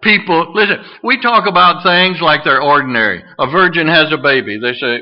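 A man preaching a sermon, swinging from raised emphatic lines to hushed, drawn-out ones. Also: muffled recording. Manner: animated, swings from booming to hushed.

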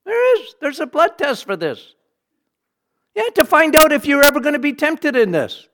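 Animated high-pitched male preacher. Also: normal speed. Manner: animated, rising to high emphatic bursts. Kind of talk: sermon.

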